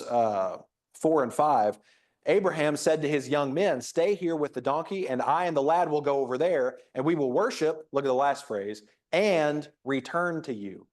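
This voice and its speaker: A man's voice: fairly high pitch, darkish tone. A man preaching a conversational sermon in a church, reading scripture aloud and reflecting on it with frequent restarts. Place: church auditorium.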